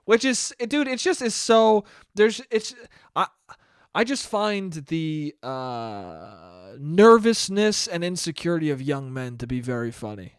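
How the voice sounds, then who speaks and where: A young man from New York hosting a solo comedy podcast, riffing with profanity, swinging from loud bursts to mumbled asides and high laughs. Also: lively intonation, a little slow, clear, resonant tone, dry recording, clean studio sound. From New York (Westchester). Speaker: podcast host.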